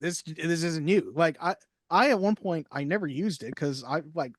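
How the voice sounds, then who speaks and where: A man co-hosting a movie podcast, chatting casually with quick jokes. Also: fairly high pitch, no echo, clean studio sound. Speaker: podcast co-host. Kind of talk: casual chat.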